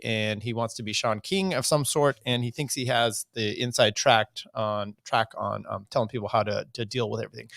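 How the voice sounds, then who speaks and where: A man's voice: mid-range voice, fairly bright tone, dry recording. Man, podcast host, casual commentary, rambling, wry, dry close mic. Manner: rambling, many fillers and restarts, wry.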